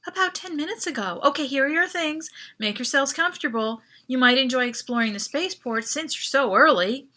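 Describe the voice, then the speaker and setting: A woman's voice: high voice, expressive, a little fast, few pauses, sharp tone, voice pushed up. A woman voicing an easygoing woman security guard who speaks in a breezy, reassuring way.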